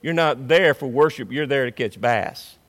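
A man preaching a sermon as pastor in a church, emphatic, swinging between loud declarations and hushed asides. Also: medium pitch, moderate pace. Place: church sanctuary.

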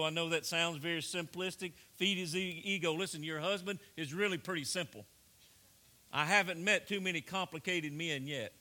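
A middle-aged male pastor preaching a sermon earnestly, moving between hushed storytelling and raised exhortation. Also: high voice.

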